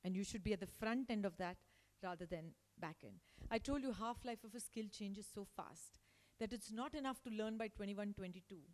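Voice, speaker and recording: Speaking at normal speed with a mid-range voice, a woman gives an emphatic motivational talk to school staff as a guest. Long hall reverb fills the school hall as she acts out quotes in animated voices.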